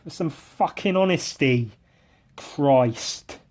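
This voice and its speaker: A man's voice: on the high side, expressive, slow, a little mellow. A man hosting a solo podcast, rambling in a bitter, sarcastic, self-deprecating way and swearing a lot into a podcast microphone. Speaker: podcast host.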